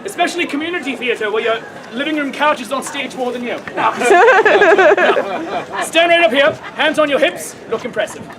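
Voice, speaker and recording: A man performs a comic story on an outdoor fair stage, playful and quick to laugh as he directs volunteers. His voice sits very high. A loud crowd laughs and chatters all around him. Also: lively intonation, vocal fry. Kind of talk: audience-participation comic storytelling.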